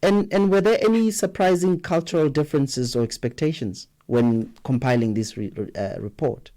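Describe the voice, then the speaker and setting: A man's voice: fairly high pitch, normal speed, mellow. A man, hosting a radio interview and asking questions with some hesitation. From South Africa. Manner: hesitant questions with repeated words. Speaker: radio show host. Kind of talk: broadcast interview.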